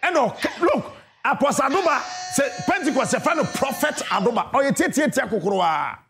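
A Ghanaian man tells his story with a very high voice. His pitch swings widely as he shouts and acts out other people's lines. He sounds like a seasoned radio host. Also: animated, moderate pace, over music. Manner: emphatic, often shouting and mimicking others. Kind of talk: animated storytelling monologue.

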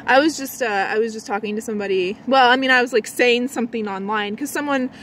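A woman chatting casually in a vlog, rambling with lots of likes and restarts, swinging between a low lazy voice and a bright high one. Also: fast talker, slight background noise. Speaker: vlogger.

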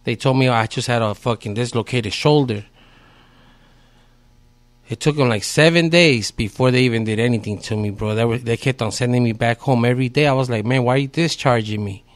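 A man's voice: medium pitch, fairly quick. Laid-back slangy SoCal guy telling a story. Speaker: podcast guest. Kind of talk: casual storytelling.

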